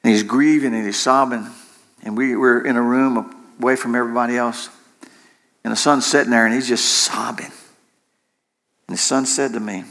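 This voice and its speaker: Impassioned preacher with a bright voice. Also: male voice, medium pitch, fairly even intonation, moderate pace, pauses often. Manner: impassioned, with repeated emphatic phrases. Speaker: pastor. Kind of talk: sermon.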